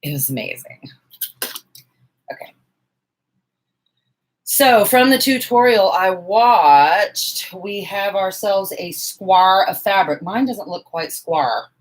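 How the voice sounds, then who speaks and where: A woman's voice: mid-range voice, slow pace, pauses often, rough recording. A woman in her forties, hosting a casual live stream at home, chatting with viewers and joking at herself while she sews. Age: 40s. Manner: chatty, self-mocking, talks to viewers while working. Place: home sewing room, indoors, fan running.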